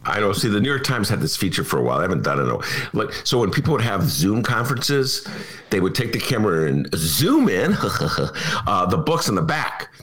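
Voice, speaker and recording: A man hosts a casual political podcast. His pitch leaps all over the place and his tone is bright and forceful. He is chatty and self-deprecating, and he laughs often. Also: sing-song, brisk. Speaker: podcast host.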